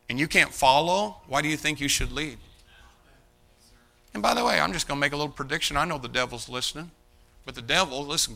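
Bright-voiced preaching man. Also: a little high, vocal fry. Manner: emphatic, calls out to the congregation. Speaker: pastor. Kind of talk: sermon.

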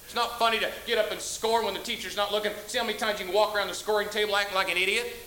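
A man preaching a sermon as pastor, scolding his congregation and rising to shouts. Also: high-pitched, fairly even intonation, racing, slight background noise.

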